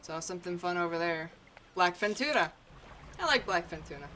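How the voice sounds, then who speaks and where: A woman's voice: fairly low pitch, animated, fairly quick, bright, forceful tone, a little hiss or hum. A woman streaming a fishing game, chatting casually, laughing and swearing between dialogue. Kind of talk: casual gameplay commentary.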